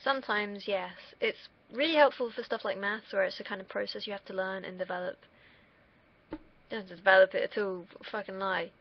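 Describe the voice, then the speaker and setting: A woman's voice: mid-range voice, steady tone, fairly quick, highs cut off, slight background noise. A young woman from the UK, vlogging in a casual, rambling monologue that wanders off on tangents, with the odd swear word. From United Kingdom.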